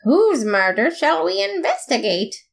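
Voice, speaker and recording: A woman voicing an excitable, self-important male skeleton detective who talks dramatically in a fan audiobook reading. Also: high voice, a little slow, voice pushed up, exaggerated voice. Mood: dramatic.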